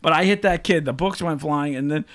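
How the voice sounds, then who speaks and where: Man co-host spinning anecdotes, lively and playful, jumps up for quoted lines. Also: fairly high pitch, fairly quick. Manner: animated, acts out quotes with big voice jumps, laughs often. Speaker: podcast co-host. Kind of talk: casual storytelling chat.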